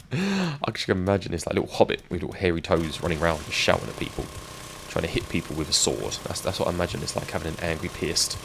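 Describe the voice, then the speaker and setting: A man's voice: low-pitched, creaky, fairly bright tone, poor audio. A man chatting and joking with viewers while he streams a game. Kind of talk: live gameplay stream chat. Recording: game sound noise behind.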